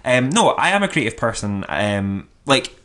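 A man co-hosting a podcast, chatting in an animated way, laughing often and using lots of fillers. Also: medium pitch, normal speed. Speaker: podcast co-host. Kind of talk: casual chat.

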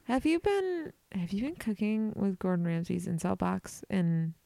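A woman's voice: mid-range voice, big pitch swings, measured pace, vocal fry, warm tone, dry recording. A woman co-hosting a podcast in a chatty, playful, casual way. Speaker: podcast co-host. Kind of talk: casual chat.

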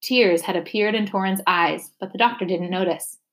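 A woman's voice: medium pitch, normal speed. Woman reading a novel aloud. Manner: steady, expressive read-aloud. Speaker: reader.

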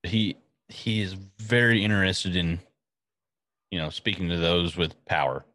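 Brief: man, lowish voice, casual co-host, laughs a lot. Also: unhurried, fairly bright tone, no echo. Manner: laughs often, brief agreeing replies. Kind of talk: casual chat.

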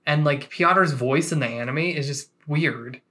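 A woman's voice: sits low, measured pace. A woman co-hosting a casual podcast, speaking loosely with lots of "like". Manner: relaxed, heavy use of "like". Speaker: podcast co-host. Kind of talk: casual chat.

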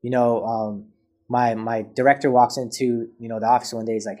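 A man's voice: mid-range voice, level tone, fairly quick, warm tone. A man as a podcast guest, telling a personal story in casual chat and acting out both sides of past conversations.

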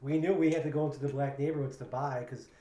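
A man's voice: mid-range voice, steady tone, fast, warm tone. A man chatting casually and throwing in jokey asides. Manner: laid-back, jokey asides. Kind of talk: casual chat. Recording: roomy room with faint noise.

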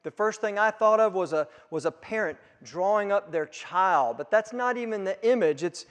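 A man preaching a sermon, swinging from quiet, hushed asides up to loud, emphatic peaks. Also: sits high, lively intonation, normal speed. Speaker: pastor. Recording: long hall reverb.

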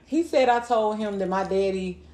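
A woman in her thirties co-hosting a casual podcast chat and telling stories in an animated way, laughing often and swearing freely. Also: mid-range voice, normal speed, a little hiss or hum. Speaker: podcast co-host. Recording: echoey room.

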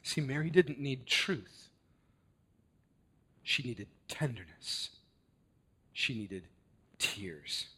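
A man delivers a sermon at a slow, measured pace, with a voice of ordinary middle pitch. His preaching is earnest and deliberate, and he gives key words heavy dramatic weight. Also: big pitch swings, a bit bright, slightly rough.

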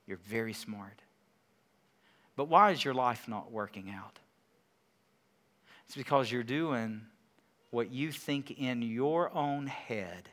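A man preaching a sermon as pastor, moving between quiet, conversational teaching and loud, emphatic declarations. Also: medium pitch.

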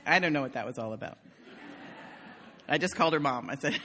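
A woman's voice: rumbling low, animated, fairly quick, long pauses. An older woman pastor giving a conversational sermon in a church, telling stories with humor. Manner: warm storytelling with humor.

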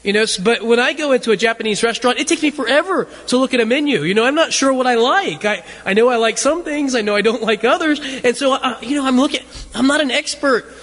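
A man's voice: very high-pitched, fast, hardly any pauses, a bit bright. A man giving a sermon as a loose, conversational story, often stumbling over and repeating his words. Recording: long reverb of a large hall.

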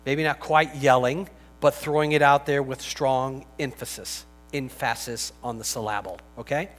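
High-voiced male preacher in a reverberant hall. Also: a bit bright. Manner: conversational and joking, with emphatic bursts. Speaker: pastor. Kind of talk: sermon. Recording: long hall reverb, faint music.

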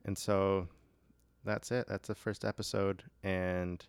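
A man co-hosting a podcast in casual chat, relaxed and agreeable, often trailing off into fillers. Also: low-pitched, slow pace, smooth, no echo. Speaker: podcast co-host.

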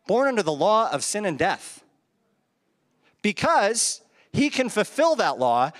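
Male pastor, high and expressive voice, chatty sermon delivery with rhetorical questions, long reverb from the hall. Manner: conversational preaching, rhetorical questions, chuckles at own asides. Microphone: handheld microphone.

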